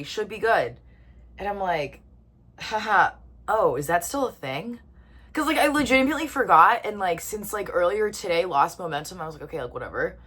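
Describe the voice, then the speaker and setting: A young woman in her twenties telling a story to the camera in a casual, chatty way, full of "like" and pausing to eat. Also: mid-range voice, fairly bright tone. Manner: chatty, lots of "like", eating while talking. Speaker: vlogger.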